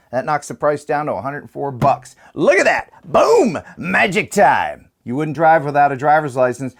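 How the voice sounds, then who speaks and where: A man hosting the show, reading a sponsor ad with an upbeat, playful sales delivery. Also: a little high. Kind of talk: ad read.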